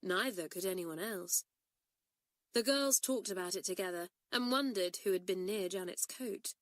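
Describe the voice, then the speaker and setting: A woman narrating an audiobook with expressive storytelling. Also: medium pitch, normal speed, no echo, clean studio sound.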